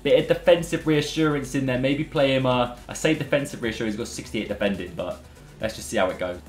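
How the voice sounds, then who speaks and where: A young man giving excitable live commentary on a football video game, full of banter and calling viewers lads and boys. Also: medium pitch, fast talker. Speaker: gaming YouTuber. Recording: roomy echo, faint background music.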